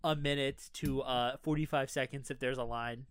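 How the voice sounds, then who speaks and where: A young man telling work stories in casual chat, animated and full of "like" and "dude". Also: medium pitch, moderate pace, clear, resonant tone, no room sound. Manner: animated, lots of "like" and "dude", laughs through stories. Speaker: ride operator, co-host of the chat.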